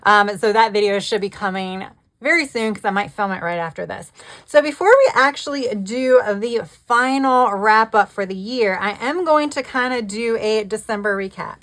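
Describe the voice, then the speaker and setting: A woman's voice: mid-range voice, moderate pace, fairly bright tone. Woman, book vlogger, casual chatty talk, frequent laughs, trailing restarts. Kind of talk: casual chat.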